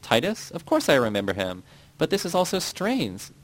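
A man's voice: on the high side, wildly swooping pitch, normal speed, voice pushed up, poor audio. A man reading the lines of a wary, easily flustered middle-aged woman official in an audiobook.

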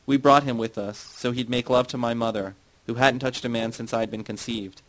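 A man's voice: medium pitch, fairly even intonation, normal speed, lightly acted, rough recording. A man reading the part of a middle-aged woman who confesses old memories, then turns sarcastic and provoking.

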